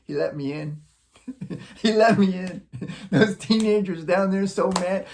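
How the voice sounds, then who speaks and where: A man from Wisconsin casually telling a childhood story, animated, acting out sounds and chuckling often. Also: high voice, unhurried. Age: adult, looking back on childhood. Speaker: vlogger.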